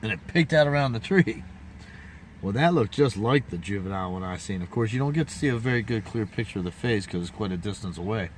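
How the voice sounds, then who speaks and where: A man with a low voice rambles through a folksy story, doubling back and adding asides as he goes. A faint hiss of noise and passing vehicles sits under the recording. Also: fast, few pauses. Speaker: vlogger. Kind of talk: casual rambling monologue.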